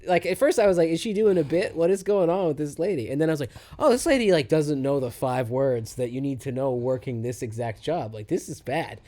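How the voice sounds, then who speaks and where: A young man co-hosting a comedy podcast, telling a story in a casual, animated way and acting out both sides of the conversation. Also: a little high, normal speed. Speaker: podcast co-host.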